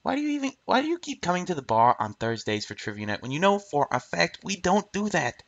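A man's voice: high voice, very animated, quick pace, vocal fry, dry recording, highs cut off. A man hosting a game playthrough, reading the dialogue aloud in assorted voices and joking about the story. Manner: playful, joking, breaks into laughter. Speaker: let's play host.

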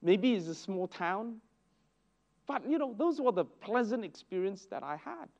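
A man leads a church Bible lesson, telling anecdotes with bursts of exclamation. His voice sits high and leaps around expressively. The recording sounds dull and lo-fi. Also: a little slow, vocal fry. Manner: animated storytelling with exclamations. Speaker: Sunday school teacher.

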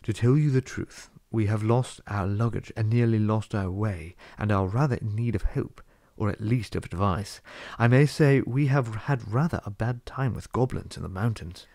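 A man's voice: lowish voice, normal speed, creaky, darkish tone, no room sound, clean studio sound. A man reading a courteous old wizard.

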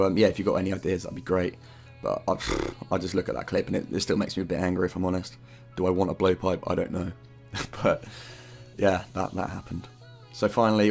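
A man's voice: low voice, gravelly, darkish tone. A man narrating his own game footage in loose, rambling commentary, swearing often and dropping in fillers. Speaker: gaming YouTuber narrating his own gameplay. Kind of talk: casual gameplay commentary.

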